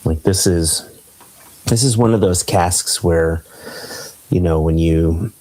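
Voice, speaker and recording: A man hosts a casual podcast chat over a video call, savoring and describing a whisky aloud. His voice sits very low. He talks at an unhurried, slow pace. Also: a little mellow, low-quality recording. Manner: easygoing, enthusing over flavors. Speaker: podcast host.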